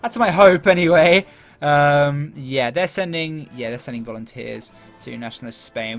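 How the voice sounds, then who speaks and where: A man's voice: a little high, animated, moderate pace, a bit bright, soft background music. Chatty man narrating strategy gameplay. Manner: chatty, laughs at himself, thinks aloud with many fillers. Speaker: gaming YouTuber. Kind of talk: casual gameplay commentary.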